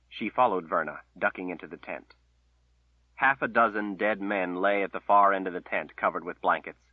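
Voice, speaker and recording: A man narrating a fantasy novel in a solemn, measured reading over a tinny phone-like line. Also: low-pitched, breathy edge, no echo. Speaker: audiobook narrator.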